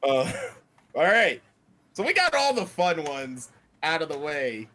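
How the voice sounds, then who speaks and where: A man hosting a podcast in casual chat, excitable, laughing and swearing freely. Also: a little high, takes it slowly. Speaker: podcast host.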